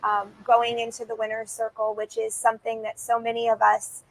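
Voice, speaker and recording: A woman's voice: fairly high pitch, completely flat delivery, moderate pace, gravelly, no room sound, poor audio. A woman in her thirties, a guest on a racing show, talking with heartfelt enthusiasm and frequent restarts. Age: 30s. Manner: gushing, heartfelt, with many restarts. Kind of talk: enthusiastic interview talk. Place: racetrack broadcast set.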